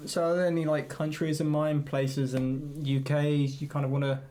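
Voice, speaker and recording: A young man in his twenties co-hosting a podcast, relaxed, asking questions and cracking dry jokes. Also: a little high, normal speed. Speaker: podcast co-host. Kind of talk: casual chat.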